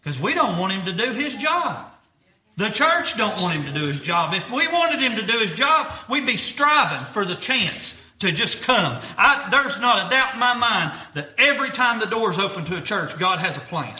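A man's voice: sits high, very animated, normal speed, bright, forceful tone, reverberant. A young man preaching earnestly, repeating himself and using folksy grammar. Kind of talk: sermon.

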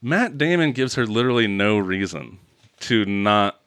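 Sarcastic man, lively pitch. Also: moderate pace, smooth, no room sound. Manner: sarcastic, animated, acts out scenes mockingly. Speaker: podcast co-host. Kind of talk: casual movie review chat.

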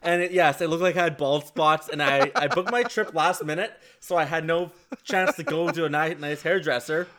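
Rambling, slightly high-voiced man. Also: normal speed, hardly any pauses, fairly bright tone, slight background noise. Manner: self-conscious, rambling storyteller. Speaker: podcast co-host. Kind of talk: casual chat.

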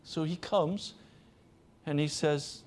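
A middle-aged male pastor preaching with a slow, deliberate pace. His voice sits a little high, and he often drops into a soft, low register. The delivery is earnest. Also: fairly even intonation. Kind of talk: sermon.

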